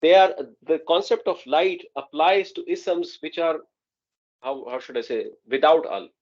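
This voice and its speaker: Man, teacher, online lecture, patient, checks in with students, slightly high pitch, muffled audio. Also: unhurried, darkish tone. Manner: patient, checks understanding often. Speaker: Arabic teacher.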